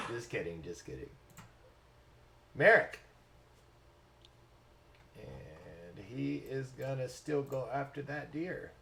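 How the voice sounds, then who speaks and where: A man's voice: mid-range voice, slow, creaky, long pauses. A man runs a tabletop game with an ordinary mid-range voice. He teases the players, laughs a lot and keeps the turns moving. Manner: laughs often, teasing and animated. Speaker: game master.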